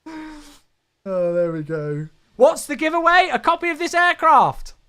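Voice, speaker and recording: A man's voice: very high-pitched, lively intonation, a little slow, bright, forceful tone. A man streaming a flight simulator, chatting casually with viewers, thanking them and joking to himself.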